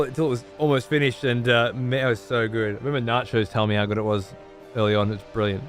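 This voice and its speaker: A man's voice: medium pitch, fairly even intonation, fast, soft background music. A man streaming and chatting casually with his audience, blunt, rambling and full of swearing.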